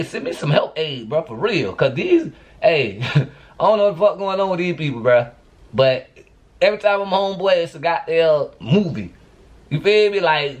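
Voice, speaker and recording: A man's voice: on the high side, lively intonation, moderate pace, dull audio. A man vlogging to camera, venting in a profane, exasperated rant.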